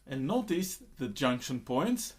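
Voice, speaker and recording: Man, rhythm teacher, slow lively explanations, recited syllables, noisy recording. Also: mid-range voice. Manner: counts in and recites konnakol syllables loudly in time. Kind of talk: instructional lesson with spoken rhythm syllables.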